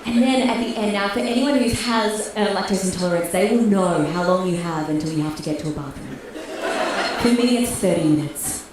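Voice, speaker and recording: A young Australian woman tells a brash stand-up story, with an Australian accent, and she acts out the voices in her quotes. Her voice echoes strongly around the room. She is heard from some distance, with the audience's laughter clearly audible behind her. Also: mid-range voice, fairly quick, noisy background. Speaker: stand-up comedian. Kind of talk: stand-up comedy set. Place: comedy club stage.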